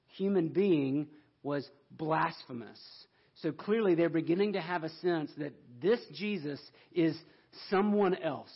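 A man's voice: fairly high pitch, slightly rough, dull audio. A man preaching a sermon in an earnest way, pushing up into emphatic questions.

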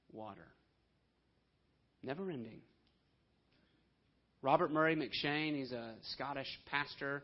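A man preaching a sermon with passion, dropping to hushed lines and then rising to loud, emphatic ones. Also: mid-range voice. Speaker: pastor. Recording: dull lo-fi sermon audio.

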